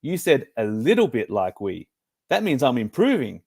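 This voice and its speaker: A man's voice: medium pitch, sing-song, normal speed, gravelly, darkish tone, breathy edge, exaggerated voice. A man voicing a cheeky, joking male pillow lion in a storybook reading. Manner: playful, joking.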